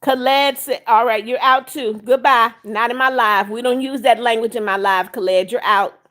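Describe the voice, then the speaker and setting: A woman's voice: a little high, fairly even intonation, moderate pace, a bit bright. An older woman hosting a live stream, reading viewer comments aloud, greeting people by name and firmly scolding rule breakers. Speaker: livestream host.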